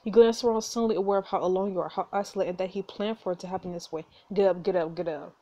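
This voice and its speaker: A woman hosting a story game playthrough, reading the text aloud and reacting with animated, outraged asides. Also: medium pitch, rapid-fire. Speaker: gameplay host.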